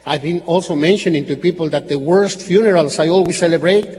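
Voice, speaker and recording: Male priest, earnest sermon, slightly high voice, faint hall echo, light background hiss. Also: a little fast, a little mellow. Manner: earnest, repetitive, with slips and restarts. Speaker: Catholic priest.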